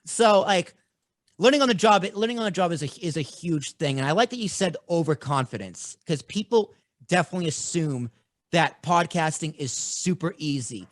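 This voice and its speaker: A man's voice: a little high, normal speed, no room sound. Bostonian man chatting, dry room sound. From Boston, USA. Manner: animated, blunt storytelling. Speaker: podcast host. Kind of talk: casual podcast chat.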